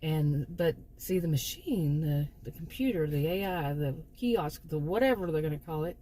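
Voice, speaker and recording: This channel host, once a sociology teacher, speaks at a normal pace with a low, dark-toned voice and lively intonation, over a faint hiss or hum. Her personal story comes out as relaxed, rambling storytelling full of restarts.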